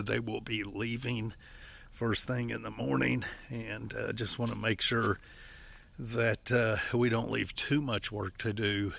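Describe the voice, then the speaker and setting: Older Appalachian man, winded and gravel-voiced, giving a friendly outdoor vlog tour. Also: fairly low pitch, sharp tone, slight background noise. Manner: folksy, chatty, keeps calling out "folks". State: out of breath from physical work. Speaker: vlogger, campground owner. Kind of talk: casual walk-and-talk vlog. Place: outdoors at a wooded campground.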